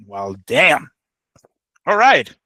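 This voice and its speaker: A man co-hosting a boxing talk show, relaxed, reading the news aloud in casual chat. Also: fairly high pitch, very slow, low-quality recording. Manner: relaxed, reads news aloud, laughs easily.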